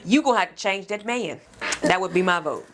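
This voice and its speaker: A woman's voice: medium pitch, expressive, brisk, fairly bright tone, a little hiss or hum. A woman co-hosting an advice podcast, talking in a blunt, emphatic way with casual slang. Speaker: podcast co-host.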